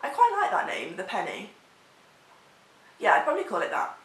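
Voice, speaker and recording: A woman's voice: mid-range voice, huge pitch swings, moderate pace, fairly bright tone. Chatty young Englishwoman in an echoey room. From England. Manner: chatty, rambling, enthusiastic. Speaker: vlogger. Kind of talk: casual chat answering tag questions.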